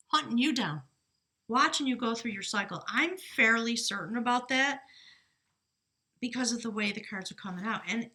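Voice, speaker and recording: Bright-voiced woman giving a tarot reading. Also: on the high side. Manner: reads rune meanings aloud between chatty asides; earnest, lighthearted, laughs easily. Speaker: tarot reader. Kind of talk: casual spiritual tarot reading.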